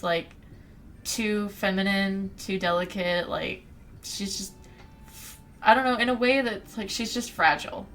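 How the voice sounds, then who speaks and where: A woman's voice: medium pitch, a bit bright, a little hiss or hum. A young woman co-hosting a podcast, chatting casually as she retells a story with little quoted voices. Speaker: podcast co-host recapping a book. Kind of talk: casual chat.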